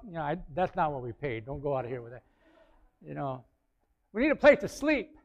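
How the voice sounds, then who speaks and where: A male pastor preaching a sermon, animated, swinging between quiet asides and loud bursts. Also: on the high side, a little fast, long pauses. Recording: slightly dull, lo-fi sound.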